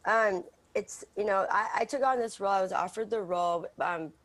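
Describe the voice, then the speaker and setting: A woman actress with a lazy Southern drawl, answering questions in a relaxed, hesitant way on a morning TV show. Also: medium pitch, brisk. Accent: Southern American. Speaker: actress and singer guest. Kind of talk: morning TV interview.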